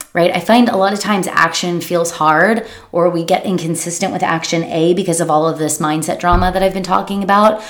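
A woman with a fairly low voice gives an emphatic motivational coaching talk. She leans on repeated phrases and slips into quick, worried imitations of her listeners' inner doubts. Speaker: business coach.

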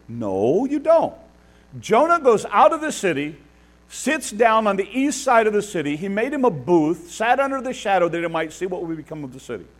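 Male pastor, lively sermon delivery, high and very expressive voice. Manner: animated, voices biblical figures, laughs at the text.

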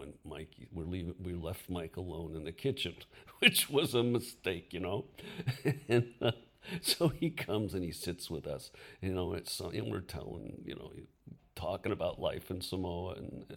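A man's voice: deep voice, creaky. An older man hosting a podcast, telling stories in a casual way and often laughing as he talks. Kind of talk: casual storytelling.

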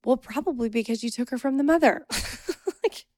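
A woman's voice: on the high side, normal speed, darkish tone, no echo. A young adult woman hosting a podcast, telling a personal story in an emphatic, indignant, casual way. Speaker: podcast host.

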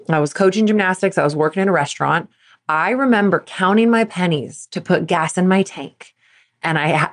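A woman in her thirties hosting a solo podcast, talking candidly to sports parents and acting out her younger self in quotes. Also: on the low side. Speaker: podcast host, performance coach.

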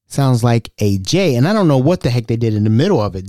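A man hosting his own podcast, ranting in a casual, animated way and stumbling over repeated words. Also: normal speed, few pauses, no echo, studio quality. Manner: animated ranting, repeats words, mocks callers in high voices. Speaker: podcast host.

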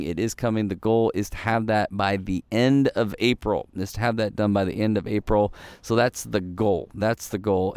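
A man's voice: fairly low pitch, darkish tone, clean tone, dry recording. A man hosting a devotional podcast, talking in an earnest, rambling way with frequent restarts and repeats. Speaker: podcast host and pastor. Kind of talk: casual devotional podcast talk.

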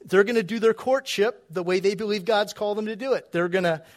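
Middle-aged male pastor, high-pitched, relaxed conversational preaching, quick laughs. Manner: conversational, chuckling asides, frequent restarts. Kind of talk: sermon. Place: church.

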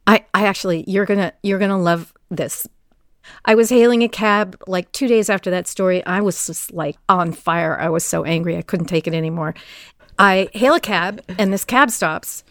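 An older woman interviewing a guest, asking questions and telling a vivid story in an animated way. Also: lowish voice, normal speed, no echo, clean studio sound. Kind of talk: conversational interview.

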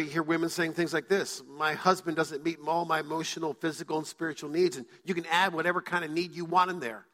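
A man's voice: sits high, pushed and bright. A male pastor preaching a sermon to his church, telling stories and acting out quoted voices. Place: church sanctuary. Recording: church hall reverb.

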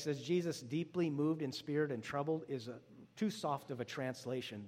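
A pastor preaching a sermon, with sudden rises to loud, emphatic lines and drops to a hush. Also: male voice, fairly high pitch, big-room sound. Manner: dramatic swings between loud emphatic lines and hushed drops.

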